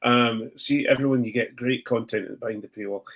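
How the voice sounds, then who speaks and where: A man's voice: medium pitch, steady tone, moderate pace, fairly bright tone. Rambling man hosting a podcast. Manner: rambling, lots of ums and self-corrections. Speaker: podcast host. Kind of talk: casual chat.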